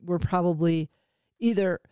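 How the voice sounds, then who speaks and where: A woman's voice: fairly low pitch, unhurried, warm tone, smooth, no echo, clean studio sound. Chatty, laughing woman podcast host. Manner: chatty, laughs often, self-deprecating. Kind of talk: casual conversation.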